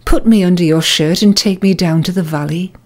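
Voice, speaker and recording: A woman's voice: fairly low pitch, a little fast, a little mellow, lightly acted. A woman voicing a persuasive, deceitful rattlesnake in a spoken story, pleading and coaxing.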